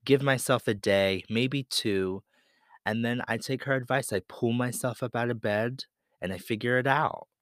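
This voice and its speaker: A man's voice: medium pitch, normal speed, dry recording, clean studio sound. A man from Pennsylvania who hosts a podcast, telling a personal story in an earnest, candid and confessional way. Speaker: podcast host.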